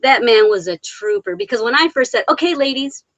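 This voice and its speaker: Hosting a relaxed live Q&A, a woman reads out viewer comments, laughs a lot and talks warmly, despite being emotionally drained from a hard weekend. She speaks fairly quickly in a mid-range voice, and the audio is dull with no echo.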